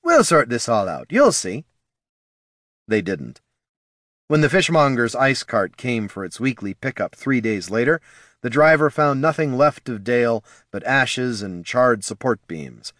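A man narrating a fantasy story in a wry, expressive reading. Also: medium pitch, measured pace, no echo, studio quality.

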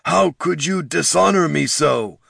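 A man's voice: on the high side, a little slow, gravelly, a bit bright, dry recording, studio quality, voice pushed up, exaggerated voice. A man voicing a huge male orc chieftain who bellows and chokes with raw emotion. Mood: wounded anger. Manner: bellowing, voice cracking into sobs.

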